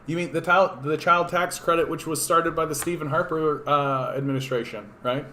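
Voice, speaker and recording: A man with a hoarse voice, giving rambling, sarcastic and profane political commentary on a casual livestream. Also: fairly high pitch, steady tone, normal speed, bright, forceful tone, a little hiss or hum. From Canada. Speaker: political streamer.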